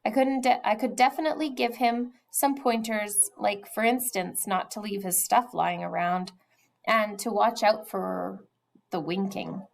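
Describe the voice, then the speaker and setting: With a measured pace, a mid-range pitch, and some vocal fry, a woman reads a children's novel aloud over poor audio. Her delivery is expressive, and she lets it slip to a whisper at times.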